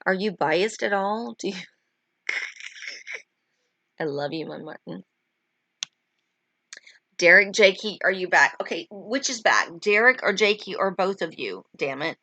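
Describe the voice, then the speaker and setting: Gravelly, outspoken woman streamer. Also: mid-range voice, lively intonation, slow pace, pauses often, bright, forceful tone, dry recording. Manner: outspoken, salty, laughs often. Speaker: livestream host reading chat. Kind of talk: casual chat. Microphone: webcam mic close to the face.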